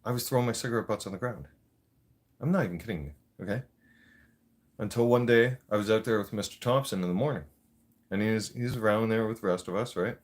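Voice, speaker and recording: A man's voice: fairly low pitch, fast. A man hosting a livestream, ranting bluntly with lots of swearing. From Canada. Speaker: livestream host. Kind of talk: profane casual rant.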